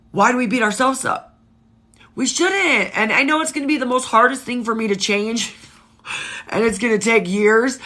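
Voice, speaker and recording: A woman's voice: medium pitch, a bit bright. A woman in her thirties hosting a casual livestream, talking frankly and emotionally, swearing freely and greeting viewers by name. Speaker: livestream host.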